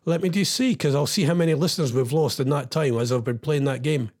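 A man's voice: fairly high pitch, fast talker, darkish tone. A Scottish man hosting a casual live-stream quiz as a radio DJ, teasing his listeners as he reads out their comments. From Scotland.

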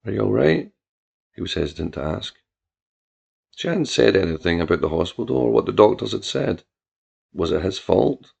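A man narrating a dark fiction story in a slow, solemn, measured way. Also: sits low, vocal fry, husky, muffled recording. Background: music.

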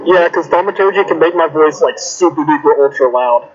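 A man's voice: a little high, brisk, breathy edge. Eager tabletop player man, muffled call. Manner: eager, asks rules questions casually. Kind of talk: playing a tabletop game over voice chat. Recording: muffled voice chat audio.

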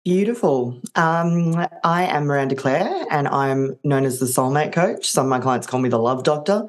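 A woman's voice: low voice, lively intonation, normal speed. A woman guest who works as a relationship coach, talking in a playful, enthusiastic way in casual podcast chat.

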